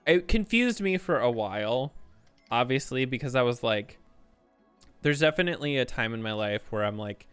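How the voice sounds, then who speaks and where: A man in a heated, rambling rant on a game stream, his voice smooth and resonant. He swears freely and keeps restarting his sentences, with soft music faintly underneath. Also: medium pitch, animated, normal speed, no echo.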